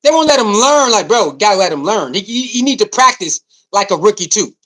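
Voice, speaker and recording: A man giving an animated sports commentary rant, repeating himself for emphasis, asking rhetorical questions and speaking straight to his audience. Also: high voice, fairly quick.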